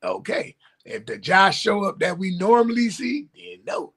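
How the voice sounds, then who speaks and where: Animated husky-voiced man arguing sports. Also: high-pitched, a little slow. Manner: emphatic, blunt, animated. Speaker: sports talk co-host. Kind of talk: casual sports debate.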